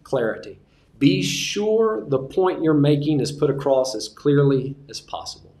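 A man teaching a class on sermon delivery, relaxed and joking, repeating his key points. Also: on the high side, a little slow, roomy sound. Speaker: preaching instructor.

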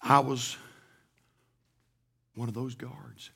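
A male pastor preaching a sermon, moving from hushed, emotional storytelling to loud, shouted proclamation. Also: mid-range voice, flat delivery, drawn-out words, vocal fry, breathy edge.

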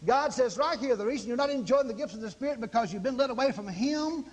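A man's voice: extremely high pitch, fast. A man preaching a sermon in a folksy, dramatic manner, acting out exclamations as he teaches.

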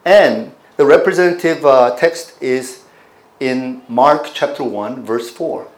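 A man's voice: mid-range voice, takes it slowly, roomy sound. A man pastor preaching a teaching sermon, putting questions to his congregation as he explains scripture.

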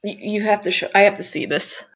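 A woman's voice: mid-range voice, fairly quick. A young woman in casual podcast chat, recapping an anime episode with lots of laughter and casual swearing. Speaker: podcast co-host.

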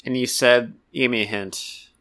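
Male co-host, mid-pitched, bright voice, dry teasing delivery. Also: steady tone, moderate pace. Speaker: podcast co-host. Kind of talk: casual podcast chat.

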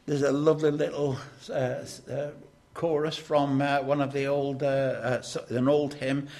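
Slow, emphatic older preacher. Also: male voice, mid-range voice, little pitch movement. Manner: slow, emphatic preaching with swings between loud and hushed. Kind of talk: sermon.

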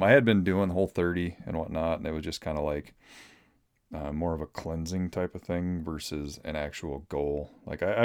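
A man's voice: very deep voice, darkish tone, no room sound, studio quality. A man in his thirties from Minnesota hosting a solo podcast, talking casually and rambling with lots of ums and restarts. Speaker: podcast host.

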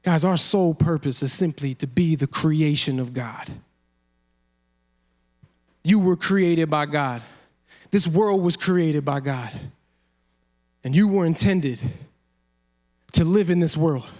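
A man preaching a sermon as a pastor, animated, acting out quotes and laughing often. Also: on the high side, takes it slowly, pauses often.

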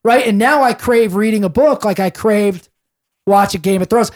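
A man speaks as a podcast guest, telling a story in a loose, rambling way. He is animated and restarts his sentences often. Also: high-pitched, normal speed.

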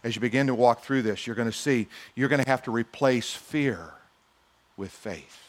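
A man's voice: mid-range voice, normal speed. A male pastor preaching a sermon in a conversational style, with humorous asides and acted-out quotes.

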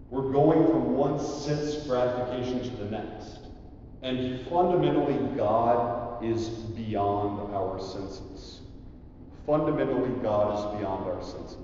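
A man, a priest, preaching an animated sermon and drawing the audience to repeat after him. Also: mid-range voice, slight background noise. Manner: animated, audience call-and-response. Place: large hall. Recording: echoey hall from far off, dull sound.

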